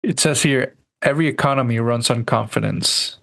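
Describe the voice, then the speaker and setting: Gravelly man reading a list. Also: medium pitch, normal speed, a bit bright. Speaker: podcast co-host. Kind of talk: reading items aloud in casual podcast chat.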